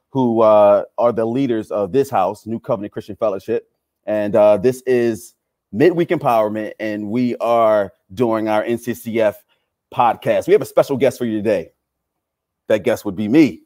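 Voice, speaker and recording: A man's voice: on the low side, normal speed, warm tone, no room sound, clean studio sound. A man filling in as host of a church podcast, upbeat and respectful, saying "yes, sir" a lot. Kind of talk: casual church podcast interview.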